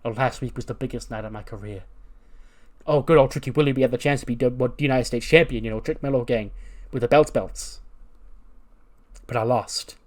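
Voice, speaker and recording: A man's voice: medium pitch, brisk, pauses often, natural voice. A man voicing an eager, boastful young male wrestler in a wrestling game playthrough, rambling and self-hyping. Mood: hyped.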